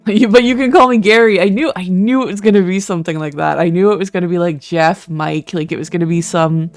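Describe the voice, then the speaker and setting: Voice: medium pitch, steady tone, moderate pace. A streamer with a Canadian accent who chats casually while playing a game, swearing and joking. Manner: chatty, self-mocking, swears. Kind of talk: let's-play commentary and reading. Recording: soft music behind.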